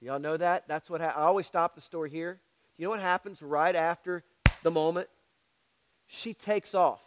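With background noise behind him, a pastor delivers a sermon at normal speed in a slightly high, steady voice. He narrates Bible stories, performs the characters' voices, and keeps checking in with the congregation through repeated "all right?" asides.

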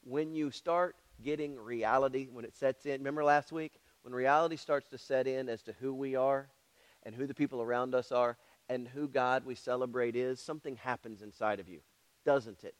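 A man's voice: mid-range voice, fairly even intonation, a little fast, smooth. A man preaching a sermon, telling Bible stories and checking in with the congregation with frequent asides. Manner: storytelling with frequent "all right?" asides to the congregation; acts out voices in his stories. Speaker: pastor.

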